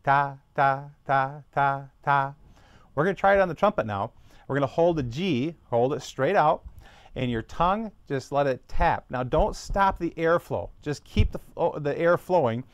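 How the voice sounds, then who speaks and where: A man's voice: a little high, animated, moderate pace, dry recording. A man teaching a beginner trumpet lesson, patiently walking through each step and sounding out practice syllables.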